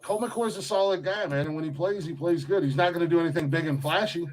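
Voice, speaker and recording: High-voiced joking podcast host man. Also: fast talker. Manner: teasing, laughs often, repeats words. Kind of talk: casual banter among friends.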